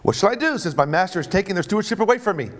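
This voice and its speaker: A man's voice: sits high, expressive, very fast. A man voicing a panicky male steward who stammers and pleads about losing his job, told within a sermon. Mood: panicky whining. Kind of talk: sermon storytelling.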